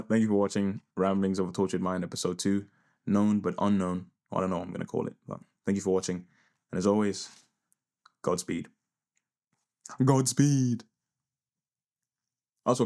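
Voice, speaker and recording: A man's voice: sits low, vocal fry, darkish tone. A young man vlogging a hesitant, rambling reflective monologue, often trailing off and repeating himself.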